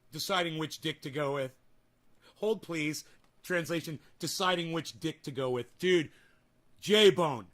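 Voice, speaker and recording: A man's voice: a little high, bright, forceful tone. A young man hosting a livestream, reading and answering comments in a profane, combative, sarcastic rant. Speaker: livestream host. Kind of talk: ranting livestream chat.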